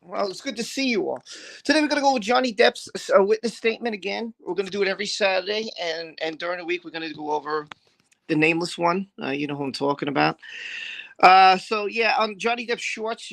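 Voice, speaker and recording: Woman, middle-aged, live-stream host, casual chat, greets viewers, bright voice. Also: fairly low pitch, fast talker, gravelly. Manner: greets viewers by name, chatty and scattered.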